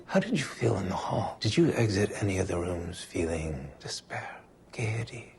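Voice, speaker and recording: A deep-voiced, cryptic official. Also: male voice, lively intonation, moderate pace, vocal fry, a little mellow, slight background noise. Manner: formal, cryptic. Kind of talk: TV drama acting. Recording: clip from a TV drama with music.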